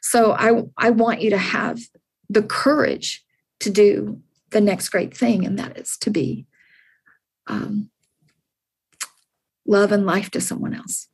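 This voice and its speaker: A woman's voice: mid-range voice, steady tone, takes it slowly, gravelly, pauses often, breathy edge. A woman in her sixties, an interview guest, speaking earnestly and encouragingly, often repeating her words. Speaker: podcast guest. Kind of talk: heartfelt interview answers.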